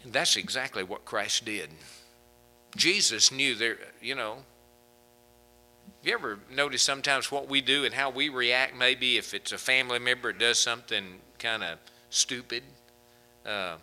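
A man's voice: medium pitch, moderate pace, sharp tone, rough recording. A man preaching a sermon as pastor, folksy and conversational, chuckling between points.

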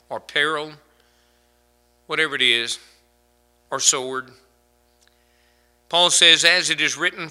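Bright-voiced male preacher with dramatic swings. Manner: dramatic swings between loud emphatic peaks and hushed low phrases; quotes scripture in slow, drawn-out delivery. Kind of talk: sermon.

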